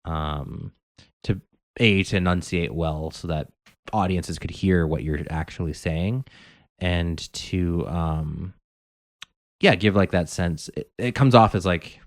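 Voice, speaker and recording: A man's voice: low-pitched, slow pace, no echo, clean studio sound. A man co-hosting a podcast, talking casually and rambling with many filler words. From Canada. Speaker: podcast co-host. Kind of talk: casual chat.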